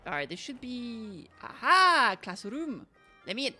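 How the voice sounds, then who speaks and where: Bright, animated woman gamer. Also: on the high side, a little slow, faint music behind. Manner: silly, self-mocking, excitable. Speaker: gaming streamer. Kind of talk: casual gameplay commentary.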